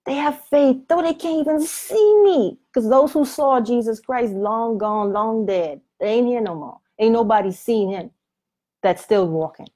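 A woman's voice: a little high, measured pace, dark tone. A woman teaching on the Bible in a preaching video, speaking in a colloquial and emphatic way. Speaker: Christian author and Bible teacher.

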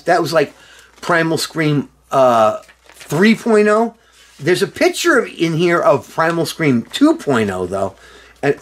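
Tipsy, rambling middle-aged man. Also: on the high side. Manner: rambling and excitable, with loud outbursts and profanity. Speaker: former band member showing a reissued album. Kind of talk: casual unscripted video monologue.

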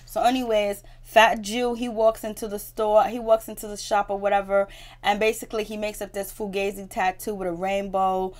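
A woman's voice: mid-range voice, flat delivery, moderate pace. A woman giving a casual spoken recap of a reality show episode, chatty and slangy, often laughing as she retells scenes. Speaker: TV recap vlogger.

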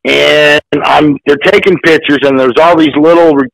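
A man in his sixties, an actor being interviewed, telling stories in a lively, casual way. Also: fairly high pitch, normal speed, creaky, rough recording. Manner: animated, jumps into acted voices. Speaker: guest actor. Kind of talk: casual storytelling.

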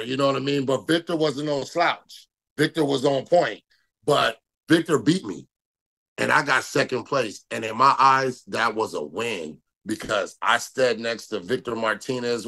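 A man's voice: medium pitch, gravelly, bright, forceful tone. A man in his thirties from Minnesota, a pro bodybuilder talking loosely and boastfully in an interview, with lots of fillers and repeats. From Minnesota, USA. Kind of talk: casual interview talk.

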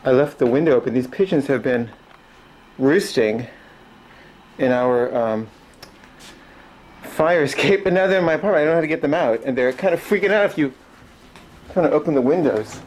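A man talking into his own camera in a casual video diary. He speaks haltingly, with many fillers and restarts, and yells excitedly while chasing birds out of his apartment. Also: a little high, rough recording. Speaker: diarist filming himself. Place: home apartment, then a car. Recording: steady background noise from traffic and a car.

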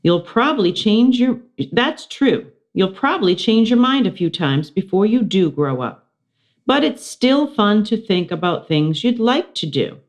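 A woman voicing a kind, patient schoolteacher who speaks warmly and encouragingly to her class. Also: mid-range voice, animated, unhurried, pitched above the performer's own voice. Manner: warm and encouraging.

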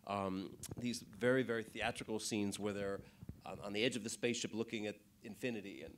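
Man, lowish pitch, panel moderator, rambling questions. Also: a little fast, slight background noise.

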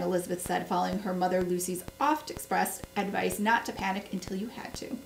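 A woman's voice: on the low side, fairly even intonation, brisk, creaky, echoey room, recorded from a distance, a little hiss or hum, poor audio. A woman reading a cozy mystery aloud, giving the characters small voice shifts. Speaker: book club host reading aloud.

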